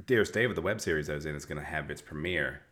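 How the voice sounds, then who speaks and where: A man's voice: a bass voice, fast, a bit bright. A young man co-hosting a podcast in casual chat, rambling and self-deprecating, laughing often. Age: young adult. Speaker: podcast co-host.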